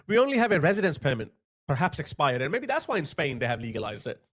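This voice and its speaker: Male online commentator, swings pitch all over, blunt and sarcastic. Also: very animated, fast talker, a bit bright, soft background music. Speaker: political commentator. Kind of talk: casual commentary on video clips.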